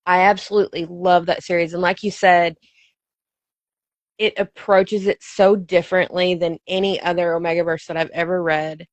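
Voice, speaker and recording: A woman's voice: fairly low pitch, little pitch movement, normal speed, dry recording, highs cut off. A woman podcast host and book reviewer chatting with a guest, enthusiastic and full of fillers. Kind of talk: casual interview chat.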